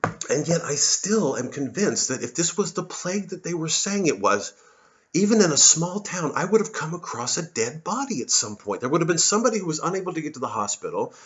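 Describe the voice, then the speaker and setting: A man's voice: fairly high pitch, dull audio. A man, a satirist, delivering a rambling, sardonic monologue full of swearing. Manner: sardonic, swearing, mocks others in put-on voices. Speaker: comedian and satirist.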